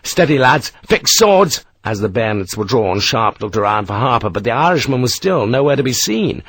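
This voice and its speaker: A man's voice: fairly low pitch, a little fast, fairly bright tone. A man narrating a war novel as an audiobook, telling the battle with tense, vivid delivery.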